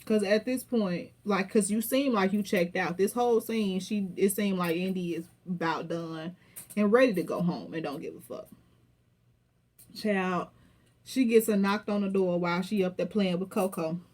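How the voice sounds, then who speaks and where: Woman, casual recap, profane, animated, mid pitch. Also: moderate pace. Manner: animated, profane, acts out quotes with laughter. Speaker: reality TV recapper.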